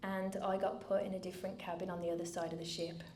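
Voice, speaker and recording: A middle-aged woman giving a personal speech from a stage, earnest and measured with dry asides. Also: on the low side, little pitch movement, darkish tone. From United Kingdom. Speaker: founder giving a keynote speech. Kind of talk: personal story told from a stage. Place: event venue with a live audience. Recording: roomy venue, faint background noise.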